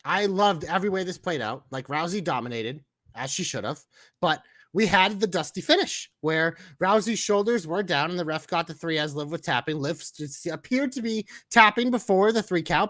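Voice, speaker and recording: High quick bright-voiced guy ranting on a podcast, swears a ton. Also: dry recording. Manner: profane, heated ranting. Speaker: podcast co-host. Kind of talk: casual wrestling podcast chat.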